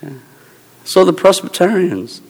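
Animated minister in an echoing hall. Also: male voice, sits high, moderate pace, gravelly, husky. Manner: animated storytelling with bursts of exclamation and laughter. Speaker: Presbyterian minister. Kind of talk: humorous sermon talk. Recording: long reverb of a large hall.

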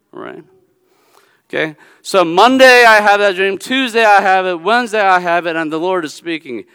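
High-voiced man preaching with long reverb. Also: smooth. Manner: animated preaching, repeats phrases with "okay?". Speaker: pastor. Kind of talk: sermon.

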